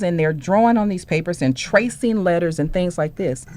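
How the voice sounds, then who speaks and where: A woman, speaking low and warm as a parent on a panel. Her pitch rises and falls freely as she tells her story. She acts out each person's voice along the way. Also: brisk, hardly any pauses. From Houston, Texas. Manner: animated storytelling, acts out dialogue.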